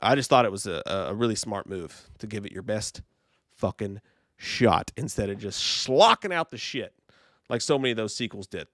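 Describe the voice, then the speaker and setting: A man hosting a live movie news stream, talking in an excitable, profane, rambling way while reading chat. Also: fairly low pitch, moderate pace, no room sound, clean studio sound.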